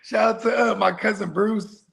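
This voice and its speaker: A man co-hosting a morning news podcast, chatting casually and loudly, breaking into high playful shouts. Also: fairly even intonation, moderate pace, gravelly. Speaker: co-host. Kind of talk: casual chat.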